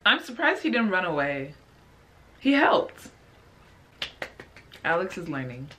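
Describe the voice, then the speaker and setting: A woman's voice: lowish voice, big pitch swings, slow pace, pushed and bright. A woman hosting a reaction video, commenting in a casual, exasperated way and firing off incredulous questions.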